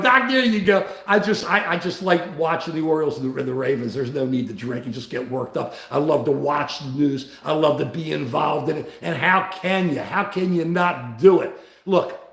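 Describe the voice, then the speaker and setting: A man's voice: a little high, vocal fry, roomy sound. A man hosting a casual livestream, talking in a worked-up way and reading out viewer comments. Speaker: livestream host.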